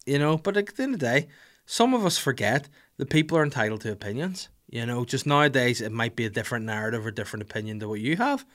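A Northern Irish man in his thirties hosts a podcast, joking and ranting about his pet peeves in a casual comedic style. His mid-range voice is animated, and he slips into quick voices to act out little scenes.

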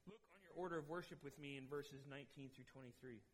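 A man who is a pastor, preaching a sermon and retelling film scenes in an animated storytelling way, speaking directly to the congregation. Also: medium pitch, fast talker, slight background noise, low-quality recording.

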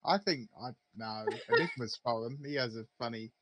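A man with a British accent in a casual podcast chat, talking haltingly and laughing easily. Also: mid-range voice, expressive, a bit bright, no echo. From Britain. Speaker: podcast panelist.

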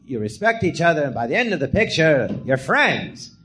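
Animated man telling stories, lively pitch. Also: moderate pace, faint music behind. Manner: animated, acts out quotes in high shouted voices. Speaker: comedian guest telling stories. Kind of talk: live podcast storytelling. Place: podcast theatre before a live audience.

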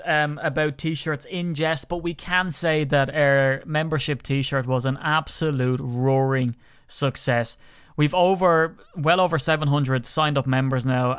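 An Irish man talks through a podcast segment in a chatty, rambling way. His voice is smooth and clear, recorded close and dry. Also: a little high, fairly bright tone, dry recording. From Ireland. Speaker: podcast co-host. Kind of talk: casual podcast chat.

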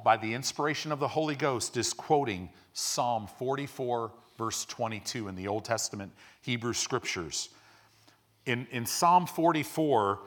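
Bright-voiced man preaching with rising fervor. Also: medium pitch. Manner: builds from quiet teaching to loud, fervent preaching with call-and-response. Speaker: pastor. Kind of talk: sermon.

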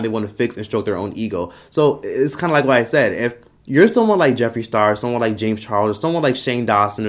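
A young man ranting to camera in a blunt, profane commentary, mocking people with quick impressions. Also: mid-range voice. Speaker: commentary YouTuber. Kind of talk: opinion rant to camera.

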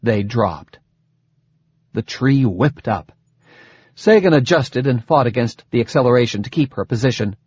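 A man narrating an audiobook in a measured storytelling manner. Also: mid-range voice, animated, darkish tone, husky, no room sound. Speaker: audiobook reader. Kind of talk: scripted narration. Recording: dull dry lo-fi recording.

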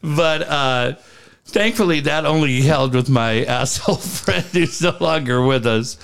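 A middle-aged man co-hosts a casual podcast, telling funny stories with plenty of laughing, swearing, and acted-out voices. His mid-range voice is animated, creaky, fairly bright, clear and resonant, at a moderate pace.

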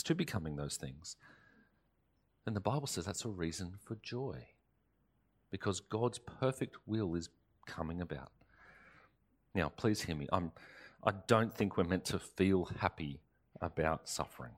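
A man preaching a sermon as pastor, earnest and emphatic, rising in force and then dropping to soft, slow phrases. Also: sits low, animated. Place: church or studio, recorded for online service.

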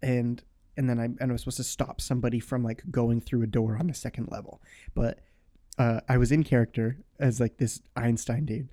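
Young adult male guest, mellow tone, loose rambling chat. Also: mid-range voice, steady tone, fairly quick. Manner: rambling, full of "like" fillers. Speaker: podcast guest. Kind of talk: casual chat.

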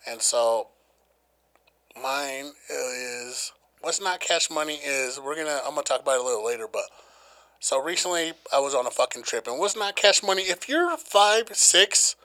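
A man's voice: mid-range voice, normal speed. A young man co-hosting a podcast, telling a story casually with lots of swearing and acted-out quotes. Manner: profane, animated storytelling, acting out quotes. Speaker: podcast co-host.

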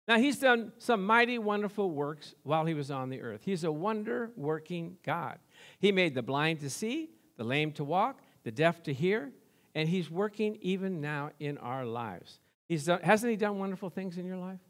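A man preaching a sermon, swelling into excited call-and-response with repeated amens and storytelling. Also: sits high, normal speed. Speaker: pastor.

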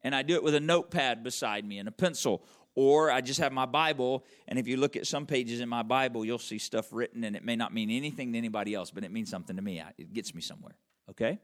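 A man preaching a conversational sermon, checking in with the audience with frequent questions and slowing right down to stress key words. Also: medium pitch. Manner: wide swings in loudness and emphasis, drawn-out slow words. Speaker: pastor.

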